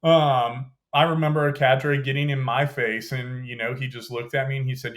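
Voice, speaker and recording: As a podcast guest, a young former Green Beret relaxedly tells detailed stories about his military training, using "you know" and "like" frequently. His mid-range voice moves at normal speed with few pauses.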